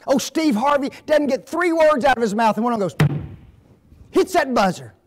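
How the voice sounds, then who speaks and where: A man's voice: very high-pitched, normal speed, background noise. An older man giving a folksy seminar talk in a church, telling stories and asking the audience rhetorical questions. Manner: animated storytelling with rhetorical questions. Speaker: guest speaker at a marriage seminar. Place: church hall.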